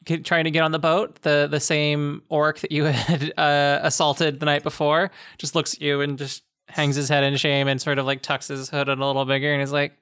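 A woman's voice: deep voice, level tone, normal speed, hardly any pauses, a bit bright, smooth, no room sound, clean studio sound. A woman game master narrating a tabletop game in a rambling way, with lots of restarts and laughs.

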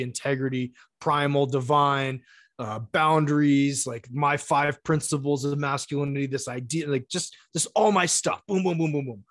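Animated, profane middle-aged man. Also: on the high side, no echo, studio quality. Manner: animated, profane, acts out quoted dialogue. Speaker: guest. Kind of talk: casual storytelling.

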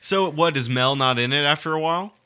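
A man co-hosting a podcast, trading jokes and quick banter in casual chat. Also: fairly high pitch, bright, forceful tone, clear, resonant tone. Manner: joking, quick back-and-forth banter. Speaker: podcast co-host.

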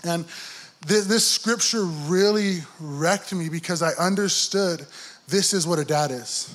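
A man's voice: sits high, a little slow, fairly bright tone. A young adult man giving a heartfelt testimony in church, telling his story earnestly and acting out his inner dialogue. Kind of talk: sermon testimony.

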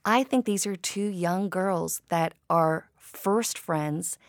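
A woman's voice: on the low side, slow, no room sound, studio quality. A woman filmmaker interviewed about her work, talking reflectively and telling stories. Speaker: filmmaker guest. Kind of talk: interview conversation.

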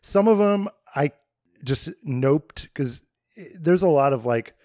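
A man's voice: on the high side, animated, slow, mellow, no echo, clean studio sound. A young adult man co-hosting a podcast, chatting casually and rambling with lots of "like". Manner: rambling, heavy use of "like". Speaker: podcast co-host. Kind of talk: casual chat.

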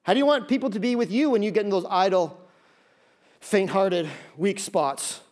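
A man preaching a sermon as pastor, animated, acting out voices and repeating key phrases. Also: sits high, normal speed. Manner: animated, acts out voices of listeners.

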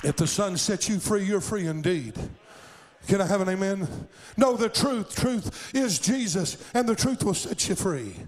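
A middle-aged man preaching from the pulpit in a fairly high voice. He works the congregation with call-and-response cries and climbs into full shouts at his high points. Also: animated, a little slow, poor audio. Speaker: pastor. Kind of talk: sermon.

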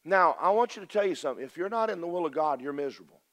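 A man's voice: fairly high pitch, lively intonation, racing. An older man with a drawl delivers a homespun sermon from the pulpit. He tells his story plainly and shifts from ringing emphasis down to near-whispered asides. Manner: folksy and storytelling, swinging from loud to hushed. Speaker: preacher.

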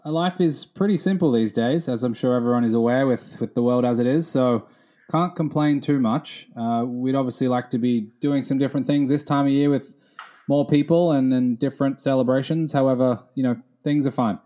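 A man in his thirties, a guest on a podcast, answers questions in a measured, articulate manner. His voice is mellow and dark, with a calm, even delivery. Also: mid-range voice. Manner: measured, articulate with some fillers. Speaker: guest, gaming attorney. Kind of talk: casual interview.

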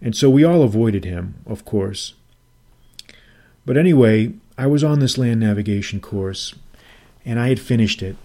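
A middle-aged man telling a personal story as a podcast host, deliberate and often repeating and restating his phrases. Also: on the low side, darkish tone. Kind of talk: reflective personal storytelling monologue.

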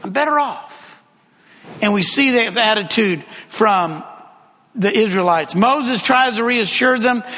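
A man's voice: sits high, unhurried, bright, forceful tone. A man teaching a Bible class in a conversational way, throwing rhetorical questions at the class. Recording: reverberant room recording.

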